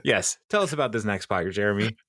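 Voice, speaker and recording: A man's voice: fairly low pitch, lively intonation, fast talker, fairly bright tone, no room sound, clean studio sound. A man casually recapping a sitcom episode, rambling, laughing often and acting out quotes. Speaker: podcast co-host.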